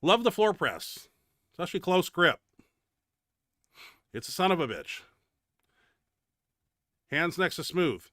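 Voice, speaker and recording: A man with a high-pitched, sing-song voice, a bit bright, speaks slowly with long pauses, recorded at studio quality with no room sound. Hosting his bench press show, he gives blunt, casual, profane commentary on his training footage and grumbles about a setback he's suffered.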